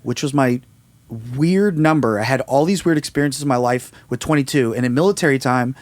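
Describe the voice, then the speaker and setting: A man's voice: medium pitch, a little fast, no echo. A man telling a personal story in a casual interview, acting out the voices of the people in it. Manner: animated storyteller, acts out quoted voices. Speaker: musician interview guest.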